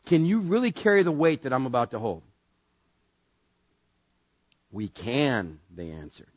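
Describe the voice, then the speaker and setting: A man preaching a sermon in a casual, joking way that builds to loud, emphatic passages. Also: medium pitch, huge pitch swings, a little slow, husky, no echo, highs cut off. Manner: conversational, jokey, rising to loud emphatic preaching. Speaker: pastor.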